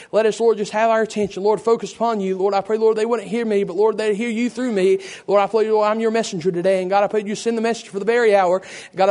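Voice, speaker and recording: A man preaching a fervent sermon with a hoarse, worn voice, praying with a repeated "Lord" and building to shouts. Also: high voice. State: hoarse, losing his voice.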